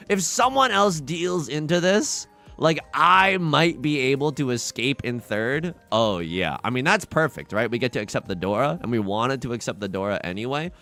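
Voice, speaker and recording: Guy streaming mahjong, gravelly and bright, voice jumps all over, faint music behind. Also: mid-range voice, lively intonation, normal speed, hardly any pauses. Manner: wildly swinging, shouts and cries out, laughs often. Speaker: streamer playing online mahjong. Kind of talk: casual live-stream commentary.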